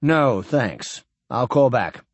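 A man's voice: mid-range voice, very animated, takes it slowly, no echo. A man playing a blunt, guarded naval officer. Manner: blunt, stiff.

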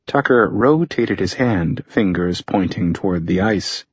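A man narrating a thriller audiobook in a measured, tense storytelling manner. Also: sits low, animated, slightly rough, dry recording. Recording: dull lo-fi audio.

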